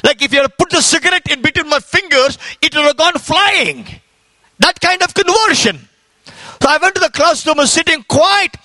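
A man's voice: very high voice, expressive, moderate pace, bright, forceful tone, no echo. A man from India giving a fervent sermon testimony as an evangelist, telling his story with repetition and rising exclamations.

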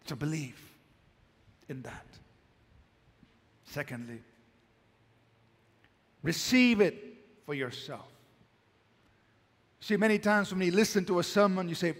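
A male pastor preaching a sermon, swinging from emphatic, loud declarations to hushed, quiet lines. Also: high-pitched, lively intonation, slow pace, pauses often, big-room sound.

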